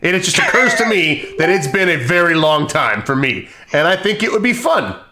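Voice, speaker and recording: A man's voice: fairly high pitch, big pitch swings, moderate pace, sharp tone. A man acting as game master in a tabletop role-playing game, voicing characters and chatting with players.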